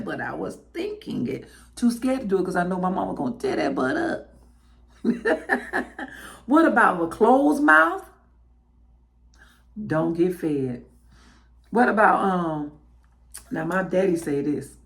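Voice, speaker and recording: A woman's voice: on the low side, normal speed, creaky. A woman with a Southern US accent hosting a podcast, chatting casually and laughing as she talks to listeners. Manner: animated, laughing, preacherly. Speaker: podcast host.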